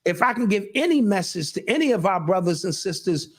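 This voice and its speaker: A middle-aged man talking in casual conversation with a fairly high voice. He speaks earnestly, almost preaching, and often restarts with repeated words. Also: sing-song, fairly quick. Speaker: show host and guest. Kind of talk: casual chat.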